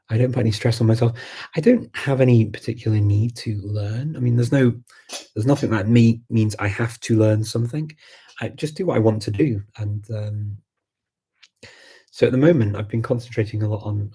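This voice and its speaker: A man with a Scouse accent hosting a live chat, answering viewer questions in a relaxed way, thinking aloud with many pauses and restarts. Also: fairly low pitch, gravelly, husky. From Liverpool, England. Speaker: host of a live language chat.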